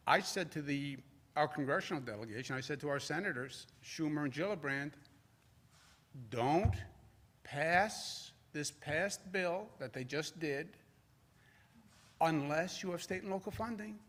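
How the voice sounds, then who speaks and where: A man's voice: sits high, animated, unhurried, fairly bright tone. A man giving a press conference, emphatic and repetitive, mocking others' words sarcastically. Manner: emphatic, repeats phrases, mocks quotes sarcastically. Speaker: politician at a press briefing.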